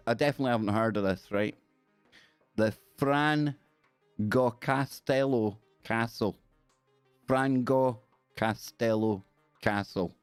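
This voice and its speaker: A man's voice: mid-range voice, no echo. Jokey rambling Scottish man streaming. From Scotland. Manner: rambling, jokey, talks to viewers in chat. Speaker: live stream host. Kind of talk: casual live stream chat.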